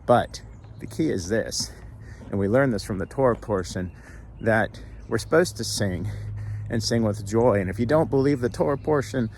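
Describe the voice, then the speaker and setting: A man's voice: on the low side, normal speed, gravelly, a little mellow, faint music behind. A man who is a rabbi giving a casual, folksy video message. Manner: chatty, folksy, breaks into song.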